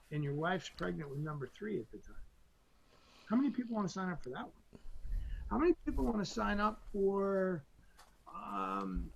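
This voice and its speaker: An emphatic male guest tells motivational stories with real energy, his gravelly voice swinging widely in pitch. He keeps tossing in "right?" to pull the listener along. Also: dull audio. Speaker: guest, entrepreneur. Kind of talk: animated motivational storytelling.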